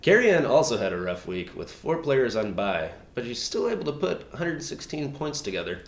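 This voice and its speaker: A man's voice: mid-range voice, big pitch swings, brisk, vocal fry. A man co-hosting a mock news recap of a fantasy league, trading playful, teasing banter. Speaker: guest co-host. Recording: roomy echo.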